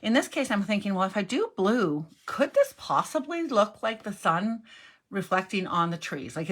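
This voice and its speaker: A woman's voice: mid-range voice, fairly bright tone, a little hiss or hum. A middle-aged woman giving a casual cardmaking lesson at her craft table, chatty and thinking aloud as she works, often correcting herself. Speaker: cardmaking instructor.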